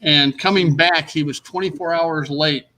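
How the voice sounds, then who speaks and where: A middle-aged man joining a casual chat, quick to jump in with his own stories. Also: fairly high pitch, steady tone, sharp tone. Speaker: guest on the stream.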